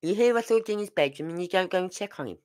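A woman's voice: lowish voice, expressive, fast, a little mellow. An older woman, hosting a true crime channel and giving casual, emphatic commentary full of rhetorical questions.

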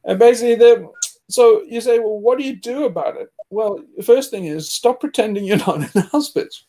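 High-voiced man ranting, heated and profane. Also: moderate pace, warm tone. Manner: profane, agitated, emphatic; scornful with bursts of laughter. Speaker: podcast host. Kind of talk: ranting discussion.

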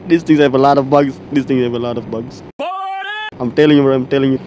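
A man giving casual, excitable commentary while playing a mobile game, exclaiming often and laughing at what happens. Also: mid-range voice, fast, dull audio, a little hiss or hum. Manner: excitable, exclaims often, calls the viewer bro.

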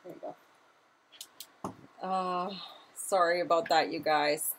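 A woman's voice: lowish voice, fairly even intonation, takes it slowly, a little hiss or hum, rough recording. A woman in her thirties hosting a live craft tutorial, chatty and a little flustered, apologizing often as she works. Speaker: craft demonstrator.

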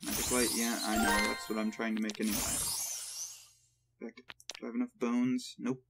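A man hosting a let's play, thinking aloud in a relaxed way while he plays. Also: on the low side, brisk, over music. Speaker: gaming channel host.

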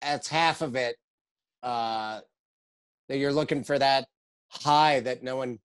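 A man's voice: medium pitch, slow, clean tone. Dry, hesitant man guesting on a podcast. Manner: dry, hesitant, deadpan jokes with many uh fillers. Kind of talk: casual comedic chat.

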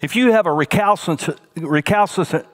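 A middle-aged male senior pastor preaching a sermon, swinging from emphatic raised lines to soft, hushed ones. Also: on the high side, sing-song, measured pace.

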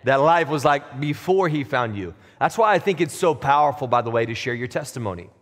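A man's voice: mid-range voice, lively intonation, brisk, fairly bright tone, in a large hall. A man preaching a sermon as pastor, in a conversational, plain-spoken way that builds to emphatic peaks. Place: church sanctuary.

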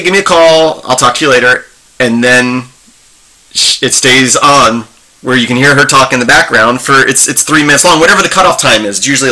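A man's voice: medium pitch, pushed and bright. A middle-aged man hosting a casual tech video, talking in a rambling, chatty way with frequent restarts and ums. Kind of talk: casual screen-share talk.

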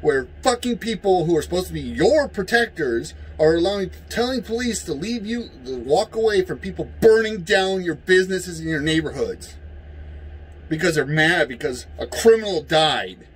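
High-voiced man in a profane rant. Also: lively intonation, normal speed, breathy edge, rough recording. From United States. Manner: heated, profane, yelling at times. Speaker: vlogger. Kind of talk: angry political rant.

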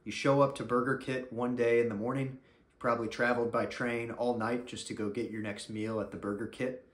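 A man's voice: lowish voice, roomy sound. An American man giving comedic commentary in a mock-serious, sarcastic, playful way. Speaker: YouTube commentator. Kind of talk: comedic commentary reading reviews.

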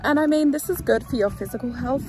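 Bubbly vlogger in her twenties, casual chat with echo and soft music under it. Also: high-pitched, fast. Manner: bubbly and gushing. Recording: echoey room with background music.

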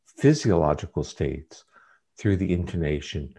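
A man, a guest scientist in an interview, giving measured, lecturing explanations. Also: deep voice, animated, warm tone, slightly rough.

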